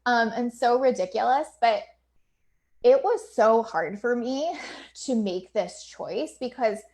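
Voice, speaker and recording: A woman's voice: on the high side, lively intonation, slow pace, a little mellow. A woman in her thirties talks openly to her community on a livestream, the way a business coach would. Her speech is loose and chatty, full of likes and ums. She laughs often and swears without hesitating. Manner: filler-heavy with many likes and ums.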